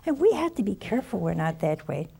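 Here a nun of advanced years shares stories from her own life in an informal spiritual talk, unhurried and homey, sighing and murmuring soft asides. Her pitch is medium, her delivery sing-song, and her voice carries vocal fry and a slight roughness.

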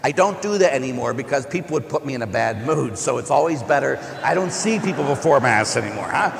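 Animated priest preaching in an echoey church. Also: male voice, mid-range voice, fast, creaky, a little hiss or hum. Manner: animated, joking storyteller who acts out quoted people. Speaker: Catholic priest. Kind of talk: conversational homily. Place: large church. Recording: echoey church with long reverb.

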